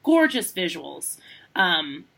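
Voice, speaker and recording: A woman co-hosting a podcast, telling a personal story in a chatty, animated way, laughing often and saying "like" a lot. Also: lowish voice, slow, vocal fry. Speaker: podcast co-host. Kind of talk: casual storytelling chat.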